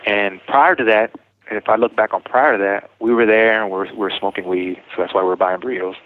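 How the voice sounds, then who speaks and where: Fast-talking man on a tinny phone line. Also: on the low side, fairly even intonation, no room sound. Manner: rambling, self-correcting, retells dialogue. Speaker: interviewee telling his story. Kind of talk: personal account in casual talk.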